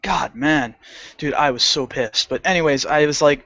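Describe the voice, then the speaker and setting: Young male co-host, high lively voice, swears a lot, dry lo-fi sound. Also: fast talker, no room sound. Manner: animated, swearing, acts out customer voices. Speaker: podcast co-host. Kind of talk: casual storytelling rant.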